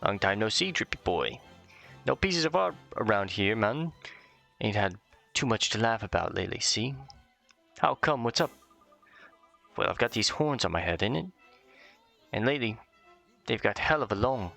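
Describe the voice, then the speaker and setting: A man's voice: on the low side, very animated, moderate pace, gravelly, pauses often, pushed and bright, faint music behind, exaggerated voice. A man voicing a weary horned male creature, glum and complaining.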